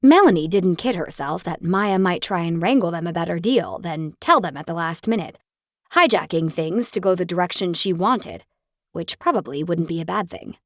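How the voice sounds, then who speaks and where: Brief: woman audiobook narrator, animated and expressive, slightly low voice, dry booth sound. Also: normal speed, dry recording. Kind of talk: scripted romance narration.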